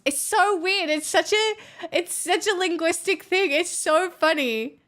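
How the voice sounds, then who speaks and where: A woman's voice: very high voice, a little slow, few pauses, a bit bright. A young Australian woman chatting casually on a live stream, playful and a little dramatic. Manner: playful, self-mocking, dramatic. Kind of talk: casual chat.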